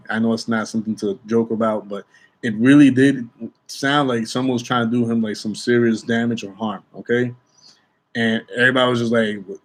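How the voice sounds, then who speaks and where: Chatty young man telling a work story. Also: medium pitch. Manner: chatty, repeats "okay?" and restarts often. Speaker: airport security officer. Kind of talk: casual storytelling vlog.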